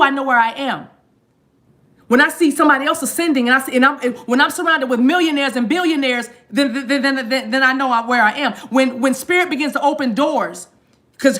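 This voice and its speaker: Brief: woman, higher-pitched, spiritual reader talking to her viewers, animated and repetitive. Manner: animated, repetitive, addresses audience as y'all. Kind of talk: live channeled reading to viewers.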